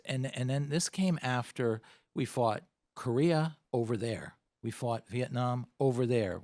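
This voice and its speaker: A male interview guest, a former government advisor, giving measured, emphatic explanations. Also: mid-range voice, a little mellow, no echo, studio quality. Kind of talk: interview answers.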